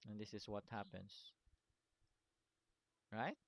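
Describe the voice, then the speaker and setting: Speaking slowly in a low, creaky voice, this man teaches a lesson over a screen recording, going step by step. He tends to repeat points, keeps checking in with "okay?" and "right?", and laughs softly when he makes a mistake.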